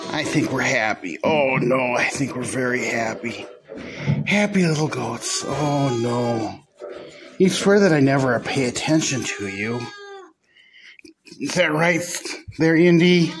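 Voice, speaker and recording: Slow, soft-spoken man cooing at goats. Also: mid-range voice, a crowd in the background. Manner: soft, cooing talk to the goats, often hushed. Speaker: goat farmer vlogger. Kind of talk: casual vlog chat. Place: indoor goat barn. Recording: noisy barn recording.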